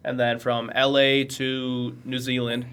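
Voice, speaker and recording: A young American man telling stories in casual podcast chat, animated and laughing often. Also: medium pitch, slow, clear, resonant tone. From United States. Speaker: guest.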